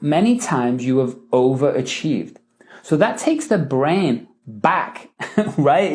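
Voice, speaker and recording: Animated man coaching in a live Q&A. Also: fairly high pitch. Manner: animated, acts out example lines with rising and falling emphasis; frequent "right?" and "okay?" tags, chuckles between points. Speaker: podcast host and coach. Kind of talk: live Q&A teaching session.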